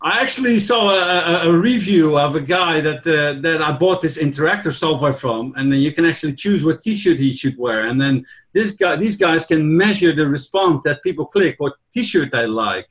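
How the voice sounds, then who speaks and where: Chatty man, high voice, curious and conversational. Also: animated, normal speed, few pauses, fairly bright tone. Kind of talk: casual chat.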